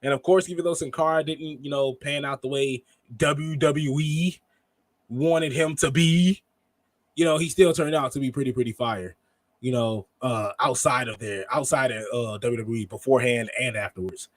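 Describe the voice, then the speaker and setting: A man's voice: medium pitch, moderate pace, dry recording. A man co-hosting a wrestling review podcast in rambling, slangy casual chat. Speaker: podcast co-host.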